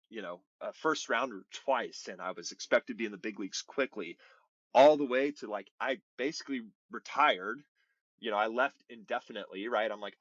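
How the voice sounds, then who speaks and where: A man in his thirties, a baseball pitcher telling his story as a podcast guest in an earnest, rambling way, full of "like" and "you know". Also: fairly bright tone, no echo, dull audio. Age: 30s. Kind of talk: casual interview storytelling.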